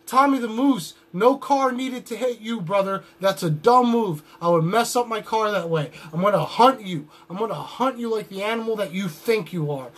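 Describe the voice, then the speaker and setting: A man's voice: sits high, normal speed, hardly any pauses, fairly bright tone. A young adult man cutting a wrestling promo with boastful, trash-talking swagger.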